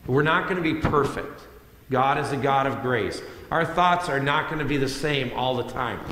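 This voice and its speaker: A man's voice: medium pitch, moderate pace, a bit bright. A male pastor preaching a sermon in a conversational way, repeating phrases for emphasis. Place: church sanctuary. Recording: echoey hall with long reverb.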